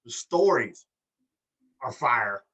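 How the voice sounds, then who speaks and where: A tipsy man chatting loosely about wrestling, rambling and laughing between points. His voice is bright and slightly husky, and it sounds like he sits some way off from the microphone. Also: mid-range voice, sing-song, takes it slowly, far from the mic. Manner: rambling, joking, laughs often. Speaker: podcast co-host. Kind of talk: casual wrestling chat.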